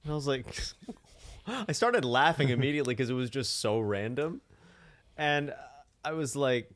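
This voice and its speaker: A man co-hosting a podcast who tells an animated story in casual chat and slips into voices for the people he quotes. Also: mid-range voice, normal speed. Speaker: podcast co-host.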